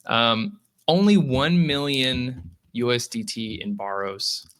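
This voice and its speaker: He takes it slowly, his voice mid-range, as a lending-app guest on an informal crypto podcast. His talk is animated, complete with impressions of what users say.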